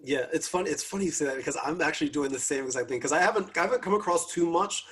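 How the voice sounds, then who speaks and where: A man with a slightly raised, husky voice hosts a panel over a video call. He keeps things upbeat, jokes with the guests and asks easygoing questions. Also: on the high side, very fast, fairly bright tone. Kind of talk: casual panel chat.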